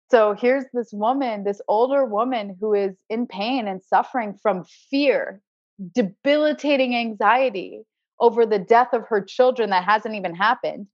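A woman with a fairly high-pitched voice appears as a podcast guest; she's an acupuncturist telling a personal healing story. She speaks earnestly and spiritually, often repeating words while searching for them, in a dry, slightly dull recording with no echo.

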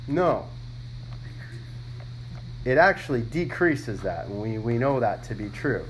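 Pastor, male, mid-pitched, animated sermon delivery, emphatic scripture reading, faint background hiss. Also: slow, pauses often, rough recording. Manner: emphatic scripture reading, repeats words when thinking aloud.

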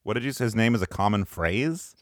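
A man co-hosting a comedy podcast, joking crudely in quick, casual banter. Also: lowish voice, animated, no room sound, clean studio sound. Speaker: podcast co-host.

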